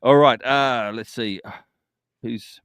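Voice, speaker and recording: A man's voice: medium pitch, steady tone, slow pace, fairly bright tone, clear, resonant tone, dry recording, studio quality. A man with an Australian accent co-hosting a podcast, joking in a laid-back, chuckling way. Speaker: podcast co-host. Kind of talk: casual live podcast banter.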